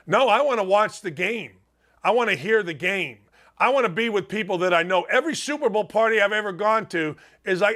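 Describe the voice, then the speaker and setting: A man's voice: high voice, sharp tone. A man around sixty from Indiana hosting a sports talk show, delivering an emphatic, folksy and digressive monologue. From Gary, Indiana.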